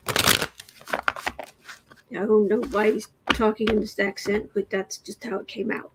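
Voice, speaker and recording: The tarot-reading livestream host talks at a measured pace in a creaky mid-range voice with little pitch movement, pausing often, amid heavy background noise. She reacts to the news with musings, trailing thoughts, sardonic remarks and occasional whispers.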